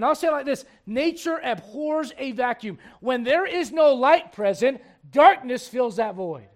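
A man preaching a sermon in a very high voice. He moves between brisk asides, playful imitations of his listeners and hushed, slow scripture readings. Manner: animated preaching, mimics congregants, drops low for scripture.

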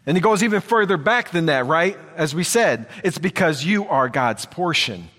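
Preaching a sermon in an earnest way, a man repeats phrases for emphasis, his fairly high, slightly bright voice expressive and at a normal speed. A long hall reverb surrounds the recording.

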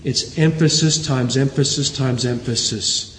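A man's voice: mid-range voice, measured pace, a little hiss or hum. A man preaching a sermon in a church, earnestly quoting scripture and building emphasis. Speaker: pastor. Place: church sanctuary. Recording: roomy church hall reverb.

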